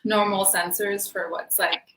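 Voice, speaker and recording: A woman's voice: medium pitch, level tone, unhurried, a bit bright. A woman guest in a casual interview, talking in a chatty way with many fillers and laughs. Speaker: interview guest, belly dancer. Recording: echoey room with faint noise.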